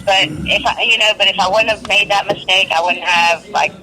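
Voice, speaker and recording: A woman's voice: mid-range voice, fairly even intonation, a little fast, sharp tone, rough recording. A woman guest talking casually on a radio show, rambling with lots of fillers. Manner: chatty, fills speech with "like" and "um". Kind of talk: casual chat.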